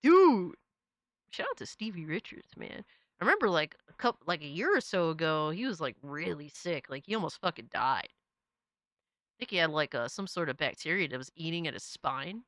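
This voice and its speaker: A man hosting a casual commentary show, swearing freely and reacting loudly. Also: fairly high pitch, big pitch swings, moderate pace, no room sound, studio quality. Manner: profane, loud, exclamatory.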